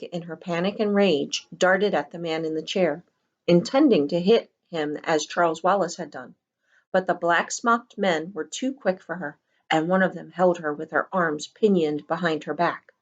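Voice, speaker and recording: A woman reading a novel chapter aloud with measured, expressive storytelling. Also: fairly low pitch, muffled recording. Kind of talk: read-aloud narration of a novel.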